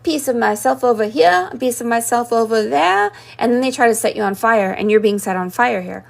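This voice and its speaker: A woman's voice: on the high side, a little fast, gravelly. Woman giving a rambling mystical reading. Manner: rambling, mystical, jumps between symbols. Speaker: spiritual reader. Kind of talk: live-stream scrying session.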